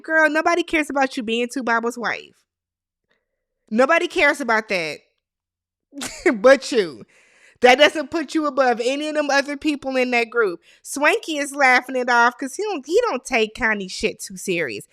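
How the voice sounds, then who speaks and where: Woman recap host, high bright voice, animated and opinionated, dry close sound. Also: moderate pace, no room sound. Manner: animated, opinionated, talks straight to viewers. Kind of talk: casual gossipy show recap.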